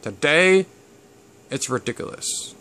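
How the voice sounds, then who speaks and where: A man's voice: a little high, expressive, slow pace, a bit bright. A man, from Canada, talking casually to camera about family history in a rambling, digressive way. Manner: rambling and digressive, with many fillers. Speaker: channel host.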